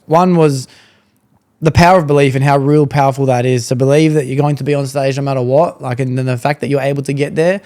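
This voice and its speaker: A man's voice: mid-range voice, steady tone, quick pace, a little mellow. A man hosting a podcast in casual chat, slangy and enthusiastic, often calling his guest bro. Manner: slangy, says bro a lot, reacts with laughs. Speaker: podcast host.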